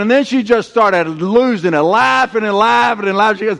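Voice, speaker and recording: Animated high-voiced male preacher. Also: brisk, vocal fry, hardly any pauses. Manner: animated storytelling, acting out quoted voices. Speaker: pastor. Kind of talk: sermon.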